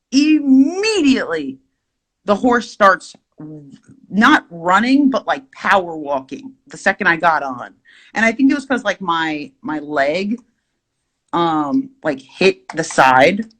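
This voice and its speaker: Woman vlogger, casual storytime, rambling, lively pitch, slow pace. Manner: rambling, animated, filler-heavy. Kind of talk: casual storytime vlog while drawing.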